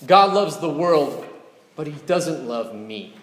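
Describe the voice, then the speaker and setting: A man's voice: on the high side, animated, slow pace, fairly bright tone. A man preaching a sermon as a pastor. He talks in a conversational way and often puts rhetorical questions to the congregation. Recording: echoey hall with long reverb.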